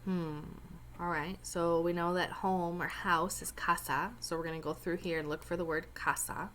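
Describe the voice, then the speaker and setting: A woman's voice: fairly low pitch, flat delivery, moderate pace, a bit bright, a little hiss or hum. A woman teacher explaining a Spanish reading step by step, with chatty joking asides. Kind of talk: recorded lesson walkthrough.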